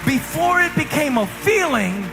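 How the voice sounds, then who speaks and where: High-voiced pastor preaching. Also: male voice, unhurried, vocal fry, music in the background. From South Carolina, US. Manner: animated, conversational preaching with jokes and repeated emphatic lines. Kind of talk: sermon.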